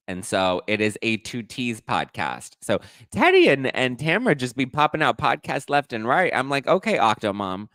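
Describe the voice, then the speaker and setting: A man hosting a casual celebrity gossip livestream, sassy and dishy, swearing freely and tossing in quick asides. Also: medium pitch, a bit bright, dry recording. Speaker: pop culture podcast host.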